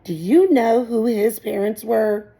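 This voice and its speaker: A woman reading aloud, voicing an old gray female goose who talks in a brisk, scolding way. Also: on the high side, vocal fry, mellow, rough recording. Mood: bossy.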